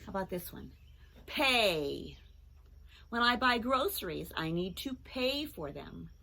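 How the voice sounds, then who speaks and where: A woman teacher giving a children's phonics lesson, speaking clearly and encouragingly and breaking into song with the kids. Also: medium pitch, very animated, slow, sharp tone.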